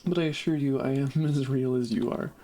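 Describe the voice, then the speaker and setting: A man reading the lines of a gentle, cooing, motherly female creature queen in a game. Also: medium pitch, steady tone, fairly quick, slight background noise, natural voice.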